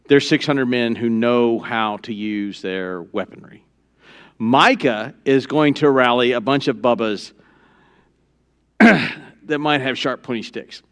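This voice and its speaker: A pastor preaching a sermon, joking with the congregation and swinging from low asides to loud, emphatic peaks. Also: male voice. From Texas. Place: church sanctuary.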